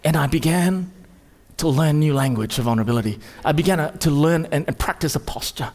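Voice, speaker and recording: High-voiced preacher in a reverberant hall. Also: male voice, fairly quick. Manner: preaching with sudden rises and quiet drops. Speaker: pastor. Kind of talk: sermon. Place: church hall.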